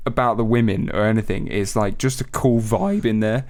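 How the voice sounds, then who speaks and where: A man's voice: lowish voice, normal speed, a little mellow. A man in his twenties, co-hosting a casual chat podcast with lots of laughing and swearing. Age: 20s. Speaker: podcast co-host.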